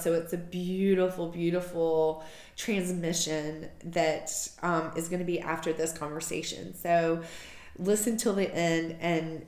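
A woman's voice: fairly low pitch, reverberant. A woman hosting a podcast, telling a personal story in an emotional, rambling way with many fillers.

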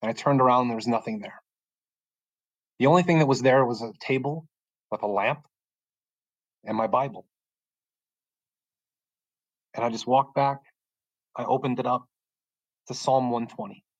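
A man's voice: medium pitch, normal speed, long pauses, dry recording, poor audio. A man telling his personal faith story as a podcast guest, earnest and rambling, often restarting his sentences, speaking from his bedroom at home. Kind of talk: personal faith testimony in conversation.

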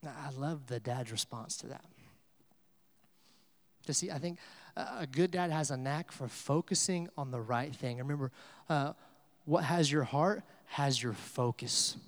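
A man preaching a sermon, with rises from quiet to loud and emphatic. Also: mid-range voice, measured pace, big-room sound. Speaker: pastor.

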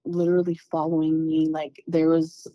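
A woman guest telling a personal story in a podcast interview, candid and animated, swearing freely. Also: sits low, normal speed, no echo, low-quality recording. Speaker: interview guest, spiritual healer.

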